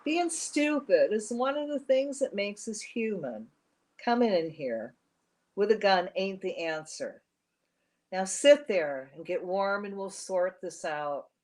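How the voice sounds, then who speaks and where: A woman's voice: mid-range voice, animated, slow pace, darkish tone. Woman reading as a kindly, folksy old shopkeeper. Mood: gentle. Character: kindly old male shop owner.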